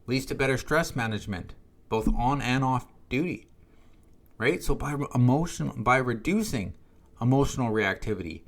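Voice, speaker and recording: A man hosts a wellness podcast in a relaxed, coaching way. His voice sits at a middling pitch, and he keeps it conversational, often ending a point with "right?". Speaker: podcast host. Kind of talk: casual spoken coaching monologue.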